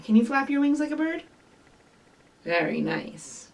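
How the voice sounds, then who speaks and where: A woman reading a picture book aloud and leading rhymes for young children, in an animated, sing-song way with bright bird calls and prompts to join in. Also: high-pitched, unhurried, long pauses. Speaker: children's librarian leading story time. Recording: voice from some distance from the mic.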